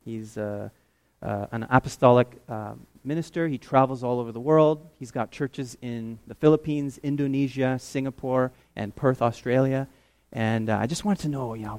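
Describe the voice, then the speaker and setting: Male preacher from Canada, mid-pitched, animated testimony delivery that surges high and loud. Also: moderate pace. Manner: animated storytelling, climbs high and loud when excited. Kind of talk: sermon testimony.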